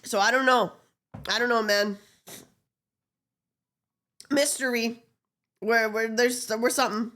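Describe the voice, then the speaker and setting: A woman's voice: a little high, fairly even intonation, slow, long pauses, a bit bright. A woman streamer chatting casually with a stuffy, congested nose, giggling, swearing and rambling. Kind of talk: casual live-stream chat.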